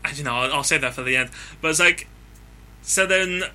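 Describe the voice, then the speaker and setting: Male podcast host, slightly high voice, rapid casual questions. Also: sharp tone. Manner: fast, chatty, many "like"s and restarts. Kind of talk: podcast interview.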